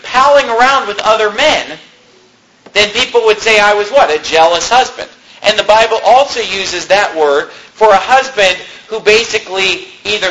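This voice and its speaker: Guy preaching a sermon, high bright voice, little hiss in the background. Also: rough recording. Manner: conversational preaching, rises emphatically on key points. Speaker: pastor.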